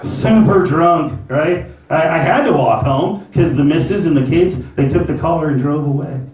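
A man doing a stand-up comedy set at a venue, telling a long story in an animated way and tossing in frequent "right?" asides. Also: fairly high pitch, moderate pace. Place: comedy venue with live audience. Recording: roomy, from far off.

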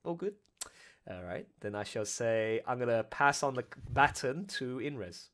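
A man hosting a live stream as director, rambling excitedly and laughing often. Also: mid-range voice, unhurried. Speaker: host, director and producer. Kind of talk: casual live stream chat.

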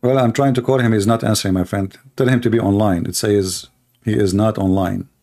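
A man's voice: lowish voice, steady tone, a little fast, warm tone. A middle-aged man who is a Christian apologist host. He gives heated, emphatic livestream commentary and repeats himself a lot. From Arab world.

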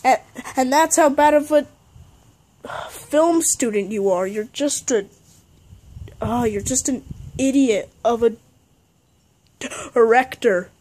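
A woman's voice: a little high, slow pace, pauses often, warm tone. A woman playing a fed-up, sarcastic young actor in an amateur comedy sketch, irritated and mocking.

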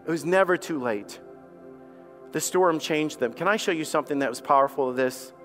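A pastor preaches at a moderate pace with music underneath, his delivery impassioned. He stammers as he repeats words, and when he acts out the doubters his voice rises in pitch.

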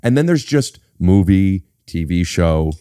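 A man's voice: sits low, big pitch swings, measured pace, warm tone, smooth, no room sound. A man hosting a podcast, explaining things in a playful, mock-serious way into a studio mic. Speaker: podcast host and actor. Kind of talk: casual podcast chat.

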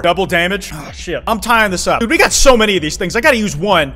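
A young man with a high, bright voice gives gaming commentary, his pitch leaping all over as he swears and shrieks at the screen. Faint game music plays behind him. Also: a little fast, hardly any pauses. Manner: excitable, profane, yells and shrieks at the game. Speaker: streamer playing a video game.

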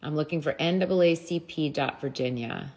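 A woman's voice: sits low, brisk, darkish tone, husky. Bubbly woman livestreaming on a phone. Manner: bubbly, chatty, laughs often. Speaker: livestream host. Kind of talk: casual livestream chat.

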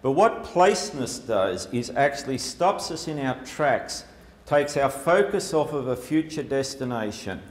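In front of an audience in an echoey hall with slight background noise, an Australian man presents slides in a loose, funny style heavy with fillers. He speaks expressively in a mid-range voice, keeping a measured pace.

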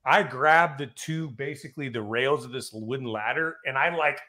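A middle-aged man, a fire captain, telling casual stories from his early days and acting out the quotes loudly and with swearing. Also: mid-range voice, moderate pace. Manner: animated storyteller, swears, acts out quotes loudly. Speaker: podcast guest, fire captain. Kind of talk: casual storytelling.

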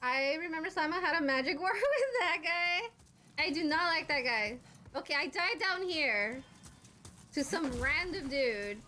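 Young woman game streamer, high bright voice, unhurried, yells at enemies, faint hiss behind. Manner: excitable, swears and screams at enemies. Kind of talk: live gameplay commentary.

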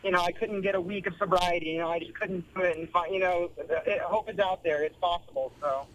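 A man's voice: high voice, steady tone, brisk, slight background noise, rough recording. A man in his twenties calling in to a radio show, eager, grateful and upbeat. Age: 20s. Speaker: caller. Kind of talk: phone-in call.

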